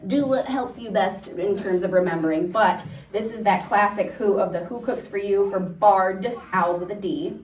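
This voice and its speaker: A woman's voice: mid-range voice, moderate pace. A woman nature educator giving a chatty, playful talk about birds to a live audience, now and then imitating their calls. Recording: echoey room, distant mic.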